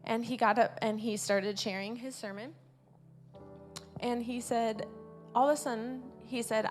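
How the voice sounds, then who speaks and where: Earnest woman preaching, fairly high voice. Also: fairly even intonation, unhurried, long pauses, faint music behind. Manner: earnest, repeats key words, swells louder on main points. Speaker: preacher at a church service. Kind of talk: informal sermon. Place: church service.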